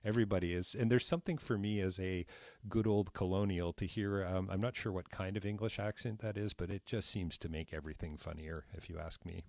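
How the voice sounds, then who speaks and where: Deep-voiced male host, gushing and rambling, dry close sound. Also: steady tone, a little fast, hardly any pauses, darkish tone, dry recording. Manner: effusive, rambling, with many restarts. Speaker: interview host. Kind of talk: interview conversation.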